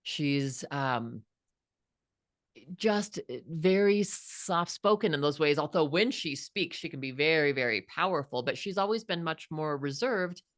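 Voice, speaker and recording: A woman's voice: deep voice, animated, unhurried, dry recording, studio quality. A woman in her fifties, a guest author, telling a personal story in an earnest, reflective way with frequent restarts. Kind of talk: heartfelt storytelling.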